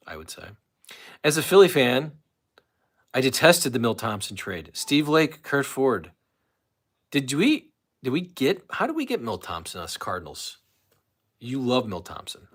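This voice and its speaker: A man's voice: mid-range voice, very animated, normal speed, a bit bright. A man hosting a casual live stream, rambling about sports betting and news and reading viewers' comments aloud. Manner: rambling, chatty, reads chat comments aloud.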